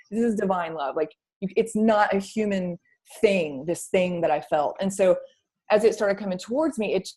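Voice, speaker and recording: A woman's voice: medium pitch, darkish tone. A woman telling her personal story to an interviewer in a casual, candid way, acting out her past thoughts, with some swearing and many repeated words.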